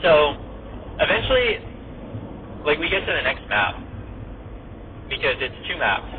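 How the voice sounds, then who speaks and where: Animated man, tinny distant phone sound. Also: a little high, unhurried. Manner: animated, acts out loud quotes of friends; heavy use of "like" fillers. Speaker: podcast host. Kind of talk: casual storytelling. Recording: tinny phone-like sound from off the mic, faint vehicle hum.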